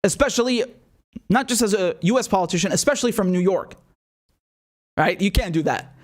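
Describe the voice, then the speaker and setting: High-voiced man in scornful commentary. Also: animated, fairly quick. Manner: incredulous and mocking, swears often. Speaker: political commentator. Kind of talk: profane sarcastic commentary on clips.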